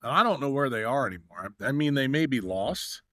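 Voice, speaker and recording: A man's voice: medium pitch, expressive, a little fast, fairly bright tone, dry recording. Rambling middle-aged man telling stories, dry sound. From New York, USA. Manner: rambling anecdotal telling with many fillers, acting out quoted dialogue. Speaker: guest. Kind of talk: storytelling in a podcast interview.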